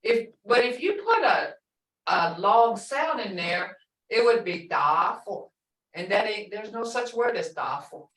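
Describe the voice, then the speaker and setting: An older woman teaching a language class, slowly saying words and repeating them so students can hear each sound. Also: fairly high pitch, expressive, recorded from a distance. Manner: slow, repeats each word to drill pronunciation. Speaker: language instructor. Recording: echoey room, voice from off the mic.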